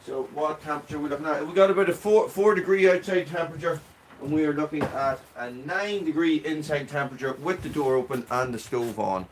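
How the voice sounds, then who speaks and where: A man's voice: on the high side, fairly quick, slight background noise. An Irish man chatting casually on a live stream, greeting viewers by name from a small cabin with a wood stove. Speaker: livestream host.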